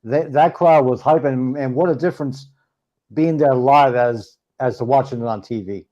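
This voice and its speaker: A man co-hosting a sports podcast, chatting casually with lively, emphatic interjections. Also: medium pitch, moderate pace, highs cut off. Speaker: podcast co-host.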